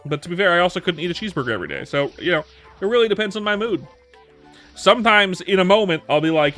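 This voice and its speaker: A man in his thirties with a fairly high voice, chatting casually with his livestream viewers. He rambles through his answers, restarting sentences and repeating words, with faint music playing underneath. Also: lively intonation, quick pace, sharp tone. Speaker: streamer.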